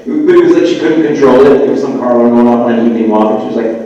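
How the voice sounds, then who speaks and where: A man's voice: mid-range voice, rapid-fire, dark tone. A man chatting as a guest on a live panel, rambling with lots of fillers and restarts. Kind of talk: casual live panel chat. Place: live festival stage in a large hall. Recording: echoey hall, far from the mic, lo-fi.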